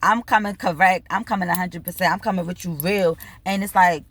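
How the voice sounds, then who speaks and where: A woman telling a story in a casual rant, animated and bubbly, swearing freely and acting out both sides of conversations, laughing now and then. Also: on the low side, fairly quick, hardly any pauses. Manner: bubbly, laughs between lines. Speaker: vlogger.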